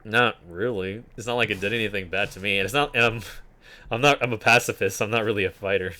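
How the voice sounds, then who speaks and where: A man's voice: fairly low pitch, fast, pushed and bright. A man streaming a game, rambling casually with many fillers and reading game text aloud. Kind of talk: casual gameplay commentary.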